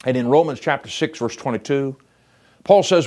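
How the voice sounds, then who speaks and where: A man preaching a sermon, building to emphatic lines and dropping to hushed ones, reading scripture aloud. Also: mid-range voice, big pitch swings, brisk. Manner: reads scripture in King James English.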